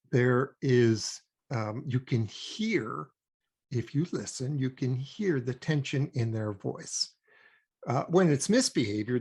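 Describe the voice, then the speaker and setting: An older man from Canada, a guest expert on child development, explaining at a measured pace with frequent ums and emphatic points. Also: mid-range voice, a little mellow, breathy edge. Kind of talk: conversational explaining.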